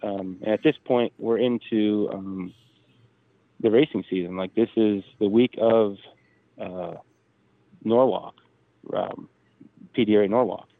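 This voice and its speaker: A man's voice: lowish voice, measured pace, pauses often, no echo. Man telling a story over a tinny phone line. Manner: animated retelling, acting out quoted dialogue. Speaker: podcast guest, drag racer. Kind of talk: casual storytelling.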